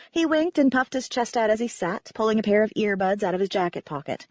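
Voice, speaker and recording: A woman's voice: mid-range voice, expressive, brisk, darkish tone, dry recording. Wry woman narrating an audiobook. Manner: wry, conversational reading. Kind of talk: first-person audiobook narration. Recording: dry, slightly dull recording.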